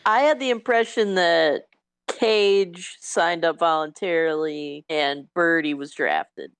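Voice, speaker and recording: A woman's voice: lowish voice, slow pace, clear, resonant tone, no echo. A woman, a guest comedian on a podcast, chatting wryly and laughing often. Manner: laughing, wry. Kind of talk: casual chat.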